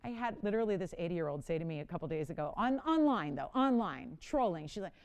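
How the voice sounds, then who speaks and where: A bubbly woman in her forties hosts live home shopping from a TV studio, laughing often as she chats through the products. She's a fast talker with a lowish, very animated voice.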